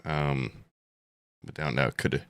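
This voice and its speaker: A man's voice: rumbling low, steady tone, unhurried, clear, resonant tone, no room sound, clean studio sound. A young man co-hosting a podcast, telling a story in a casual, comedic way, acting out quotes and swearing freely. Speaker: podcast co-host.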